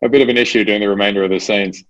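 Low-pitched male actor, casual and hesitant interview talk, dull lo-fi recording. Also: fairly even intonation, rapid-fire, a bit bright, a little hiss or hum. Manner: hesitant, many restarts and fillers.

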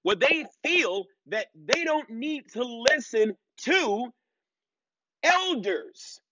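A man's voice: very high voice, expressive, extremely slow, background noise. A man in his thirties hosting a live-streamed commentary lecture, emphatic and drawn out, full of fillers and repeated "okay?" checks. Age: 30s. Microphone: laptop. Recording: dull lo-fi and dry.

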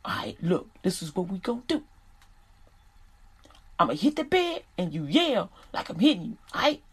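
A woman's voice: mid-range voice, very animated, moderate pace, breathy edge. A woman voicing an easygoing father who talks in street slang and speaks conspiratorially to his son.

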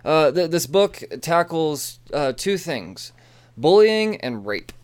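Guy ranting about comics, swears a lot, goes off on tangents, smooth clear voice. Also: fairly high pitch, slow. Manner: excitable, profane, rambling with frequent asides. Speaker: comic book reviewer. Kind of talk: casual profane comic review.

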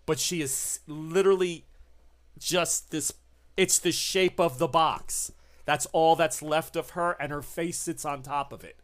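A game master lingers over each grim detail of a horror tabletop game, slow and deliberate. The voice sits mid-range and is bright and close. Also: medium pitch. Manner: slow, deliberate, ominous description.

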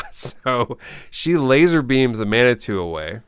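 A man's voice: medium pitch, very animated, takes it slowly, a bit bright, clean tone, no room sound, clean studio sound. Rambling man in a casual movie chat. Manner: rambling, laughs often, restarts. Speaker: podcast co-host.

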